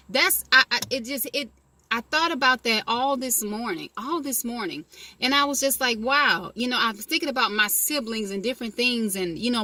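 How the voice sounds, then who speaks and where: A woman with a high, bright voice gives a casual motivational talk, recorded dry and close. She speaks conversationally and keeps asking if you're following. She repeats her key phrases for emphasis. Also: no echo. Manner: conversational, asks "you know what I mean?" often.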